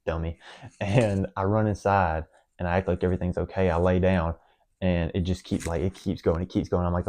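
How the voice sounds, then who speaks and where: A man's voice: low voice, flat delivery, fairly quick, darkish tone. A young man makes an emotional, rambling personal confession to the camera, full of fillers and restarts. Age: young adult. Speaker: vlogger.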